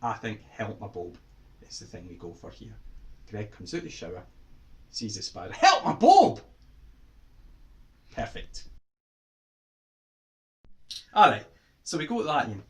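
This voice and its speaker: Lively Scottish man teaching kids. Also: on the low side, moderate pace, pauses often, a little hiss or hum. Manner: animated, exaggerated exclamations. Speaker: writer teaching children. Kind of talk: playful lesson for children.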